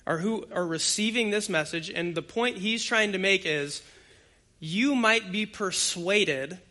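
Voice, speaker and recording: An adult man with young children delivers an expository sermon, preaching conversationally yet emphatically and addressing the congregation directly. His voice is bright and forceful, sitting a little high for a man.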